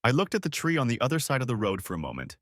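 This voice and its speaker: A male narrator reading a first-person story in a dramatic, expressive way. His pitch moves a lot, from low to high. The sound is dry and close to the mic. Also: racing, no room sound.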